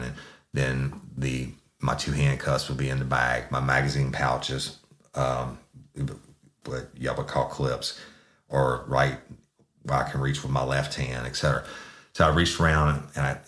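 A man with an extremely deep, low voice recounts a police story. He talks bluntly and matter-of-factly, with plenty of cursing. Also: a bit bright, roomy sound. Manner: blunt, profane, matter-of-fact. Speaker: police sergeant. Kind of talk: casual storytelling.

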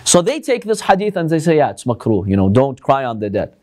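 A man's voice: mid-range voice, very animated, a little fast, dark tone. A man giving a religious lecture to a live audience, arguing with lots of rhetorical questions.

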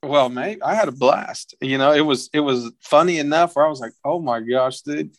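Lively man telling a bar story. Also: brisk, no room sound. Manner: animated storyteller, acts out quotes in a higher voice. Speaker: podcast guest. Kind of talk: casual storytelling chat.

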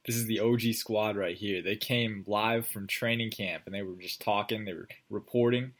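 Man, sports podcast host, lowish voice, casual rambling chat, lots of uhs. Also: steady tone, moderate pace, fairly bright tone. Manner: loose, filler-heavy, laughs along.

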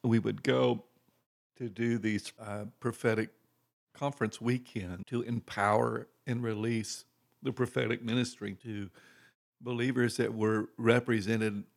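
A man, a guest minister, telling church stories in a relaxed chat, with many pauses and fillers, growing louder as he gets into a story. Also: mid-range voice. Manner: unhurried, gravelly, many fillers, grows loud and excited telling stories.

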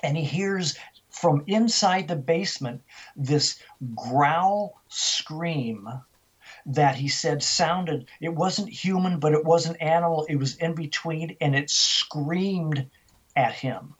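An older man, a guest on an interview show, telling a ghost story in a lively way and acting out the voices of the people in it. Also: a little high, slow, dull audio.

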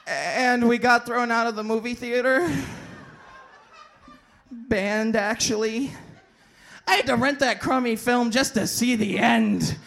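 On stage at a live poetry venue, a male slam poet delivers a comic piece through the microphone in a very high voice, speaking slowly with vocal fry and long pauses. His animated performance alternates between shouts and quiet lines.

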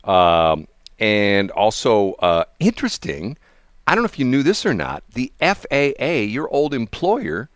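A man's voice: mid-range voice, a little slow, no room sound, studio quality. A man hosting a radio morning show, chatting casually and rambling, with frequent laughs. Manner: animated, rambling, laughs often. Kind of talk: casual on-air chat.

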